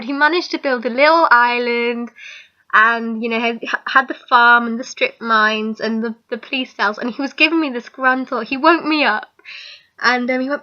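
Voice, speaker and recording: A young woman vlogging in a chatty, rambling way, often breaking into giggles. Her voice sits high and sounds bright and forward. The recording is dull and lo-fi. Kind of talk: casual chat.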